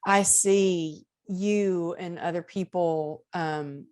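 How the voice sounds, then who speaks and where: A woman's voice: lowish voice, steady tone, extremely slow, a little mellow. A woman guesting on a podcast, speaking as an enthusiastic, effusive motivational speaker in casual interview conversation.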